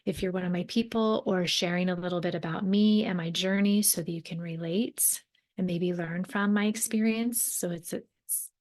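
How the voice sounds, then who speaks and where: In a lowish, slightly mellow voice with a steady tone and moderate pace, this young woman, a podcast host and mentor, reflects on her solo show. She speaks earnestly in a conversational way, frequently rewording herself and dropping in fillers.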